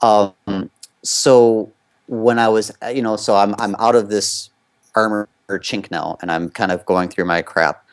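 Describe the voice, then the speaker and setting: A man's voice: fairly low pitch, fairly even intonation, unhurried. A man from the United States, an interview guest and former competitive skater, telling a candid personal story in loose, conversational run-on sentences full of fillers.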